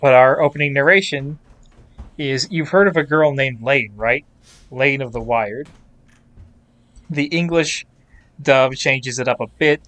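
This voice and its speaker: A man's voice: medium pitch, a little slow, pauses often, a bit bright, no room sound. A man hosting a casual podcast, explaining things with a wry, dry humor. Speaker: podcast host.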